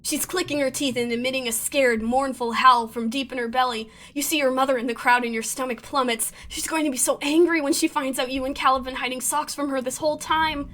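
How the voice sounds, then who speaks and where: A woman streamer reading a story game aloud, with animated, excitable asides. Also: high voice, a little fast, hardly any pauses. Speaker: let's play streamer.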